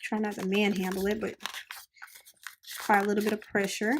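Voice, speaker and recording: A woman's voice: medium pitch, level tone, a little fast, long pauses, noisy background. A woman hosting a crafting tutorial, chatting upbeat and casual while she works with her hands. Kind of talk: casual how-to demonstration.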